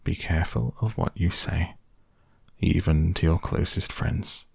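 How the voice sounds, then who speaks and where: Gandalf, as a man reads him, stern gravelly wizard. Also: sits low, a little mellow, dry recording, studio quality, full character voice. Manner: grave, measured and commanding. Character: old male wizard, stern and wise. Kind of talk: audiobook character voice.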